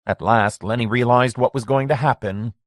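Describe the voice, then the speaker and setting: A man narrating a horror story audiobook in a measured, steady way. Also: medium pitch, dry recording, studio quality. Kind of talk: scripted narration.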